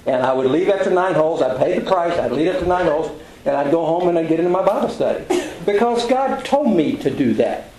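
An older man gives a conversational sermon to a class, telling self-deprecating stories in a folksy way. His voice sits high, and the room echoes around him. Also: expressive, a little fast, a crowd in the background. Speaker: Bible class teacher.

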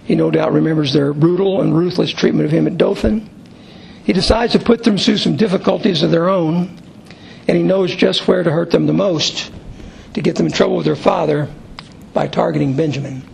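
A man's voice: a little high, brisk, gravelly, darkish tone, slight background noise, rough recording. A man leading a Bible study, reading scripture aloud and then explaining it to a small group in a conversational way. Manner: conversational and explanatory, with occasional fillers.

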